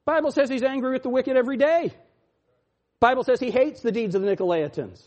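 A man preaching a sermon as pastor, mocking, jumping from loud laughing shouts down to low muttering. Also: fast talker, muffled recording.

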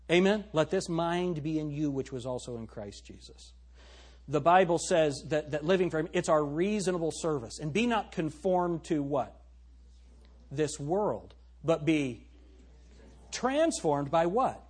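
A man's voice: darkish tone, slightly rough. A middle-aged man, preaching an emphatic sermon and asking the congregation questions. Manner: turns to a high mocking tone when imitating girls. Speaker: pastor.

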